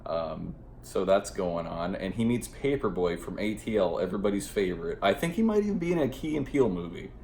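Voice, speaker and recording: Casting: man with a very low voice, loose, rambling and profane movie review, recorded in an echoey room. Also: very animated, fairly quick, hardly any pauses, a little mellow, slight background noise. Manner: rambling and profane, heavy on fillers. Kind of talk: casual spoken movie review.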